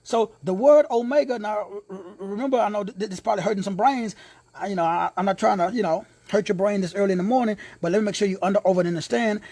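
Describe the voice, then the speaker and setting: Teaching a sermon at a quick pace, this man repeats his key words forcefully and slips in casual street-style remarks. His voice is husky, fairly high and dark in tone, moving a lot in pitch, and it's recorded close and dry with no echo or room sound.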